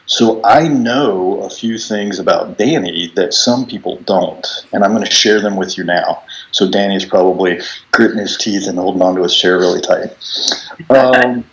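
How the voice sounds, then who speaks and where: Middle-aged man with a deep voice, easygoing storyteller on a video call. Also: moderate pace, muffled recording. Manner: relaxed storytelling with many fillers and restarts. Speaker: coworker giving a farewell speech. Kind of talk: casual speech on a video call.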